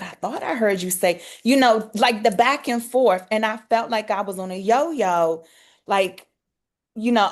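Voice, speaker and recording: A woman in a coaching group, candidly sharing a hard year in a searching way, with many fillers. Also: medium pitch. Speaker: community member sharing her year. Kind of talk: personal sharing in a group call.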